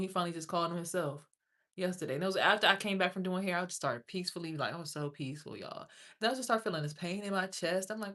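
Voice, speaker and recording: Rambling, low-voiced woman livestreamer. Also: quick pace, fairly bright tone. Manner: rambling, profane, talks straight to viewers. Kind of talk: casual livestream chat.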